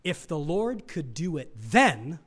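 High, lively preaching man. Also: slow, husky. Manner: animated preaching, rhetorical questions, swings from loud to hushed. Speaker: pastor. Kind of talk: sermon.

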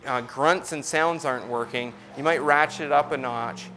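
Relaxed, conversational male preacher. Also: mid-range voice, moderate pace, a little hiss or hum. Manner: conversational, many fillers and restarts, explanatory. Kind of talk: casual sermon teaching.

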